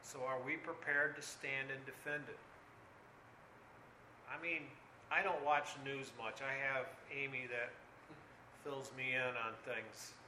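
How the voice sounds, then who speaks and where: An older man preaching a sermon earnestly, dropping low and quiet, then rising loud and urgent. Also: fairly even intonation, unhurried, long pauses, reverberant, a little hiss or hum, rough recording.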